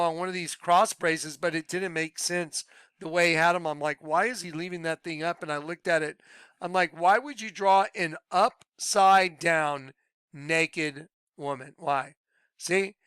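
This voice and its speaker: Worked-up guy rambling at his viewers, high bright voice, smooth and dry, keeps laughing and cutting himself off. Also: dry recording. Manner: excitable, laughs often, trails off and restarts. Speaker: video blogger.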